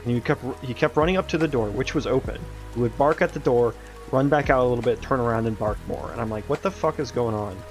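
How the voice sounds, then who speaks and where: A man's voice: medium pitch, quick pace, faint music behind. Laid-back young man chatting while coding. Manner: rambling, laid-back, swears and laughs often. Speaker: game developer streaming his work. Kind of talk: casual chat while coding.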